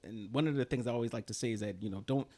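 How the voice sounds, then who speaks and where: A man's voice: mid-range voice, very fast, darkish tone. A man hosting a podcast, chatting casually in a laid-back, teasing way and laughing easily. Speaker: podcast host.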